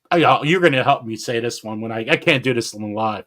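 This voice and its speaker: A man hosting a gardening live stream in casual chat, excitable, laughing often and stumbling over names. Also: medium pitch, normal speed.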